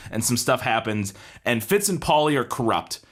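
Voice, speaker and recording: A man co-hosts a podcast and walks through a bad movie scene by scene. He jumps between asides, laughs often and swears freely. His pitch sits in the middle for a man. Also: normal speed. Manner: animated, swearing, laughing recap. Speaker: podcast co-host. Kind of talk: casual movie-review chat.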